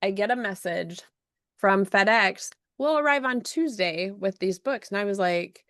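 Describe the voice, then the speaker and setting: A woman hosting a podcast, telling an emotional story in an animated way, with frequent restarts. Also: medium pitch, a little slow, no echo, clean studio sound. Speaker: podcast host and self-published author. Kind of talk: casual storytelling chat.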